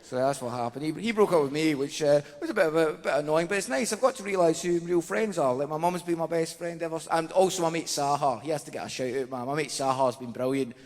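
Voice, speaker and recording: Chatty Scottish comedian on stage. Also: male voice, fairly high pitch, quick pace, hardly any pauses, darkish tone. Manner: chatty, self-mocking, says "man" a lot. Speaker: stand-up comedian. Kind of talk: stand-up comedy set. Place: large theatre stage. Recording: theatre stage reverb, faint noise.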